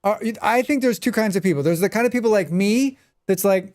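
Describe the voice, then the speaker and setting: A man's voice: high voice, a little fast, a little mellow. A man streaming a game and chatting casually, reading and answering viewers' messages as he plays. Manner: chatty, reads and answers viewer chat while playing. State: sneezing repeatedly. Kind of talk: casual live-stream chat.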